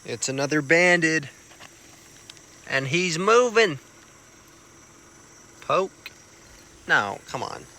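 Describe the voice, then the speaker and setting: A young man vlogging on a rural road at night, chatty, excitable and self-mocking, with slang. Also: a little high, very slow, pauses often. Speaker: field herper vlogger. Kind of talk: casual vlog narration on the road.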